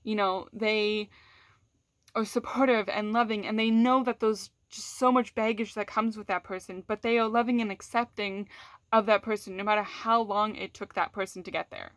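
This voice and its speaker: A woman's voice: medium pitch, steady tone, normal speed, fairly bright tone, no echo, clean studio sound. A woman vlogger in a candid, casual chat with her audience. She is frank and swears freely, restarts her sentences often and laughs between words.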